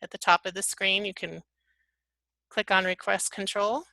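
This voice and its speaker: A woman presenting a software tutorial webinar, walking through the steps one at a time. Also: mid-range voice, level tone, moderate pace, vocal fry, heavy background noise. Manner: upbeat step-by-step instructions.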